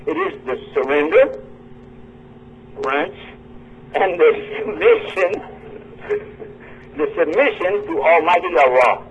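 A man's voice: high voice, fairly bright tone. A man hosting a live radio lecture at a university, joking with and quizzing his audience as he teaches. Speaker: radio show host and lecturer. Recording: dull lo-fi radio broadcast with faint noise.

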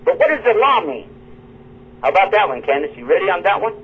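A man's voice: high-pitched, very animated, fast, breathy edge. A man hosting a live radio lecture at a university, joking with and quizzing his audience as he teaches. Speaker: radio show host and lecturer. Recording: dull lo-fi radio broadcast with faint noise.

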